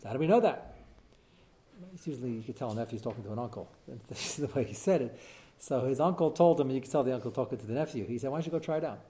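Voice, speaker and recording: A man teaching a text-study class at a brisk clip, with a voice of ordinary middle pitch for a man. He explains animatedly and fills his pauses with "uh" and "um.". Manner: animated, quick explaining with frequent fillers.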